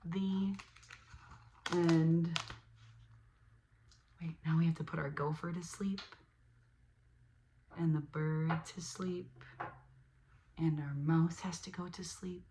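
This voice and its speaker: Slow, playful woman reading a storybook. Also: on the low side, slight background noise. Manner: animated, with playful sound effects and asides. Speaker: host reading a picture book aloud. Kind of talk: storybook read-aloud for children.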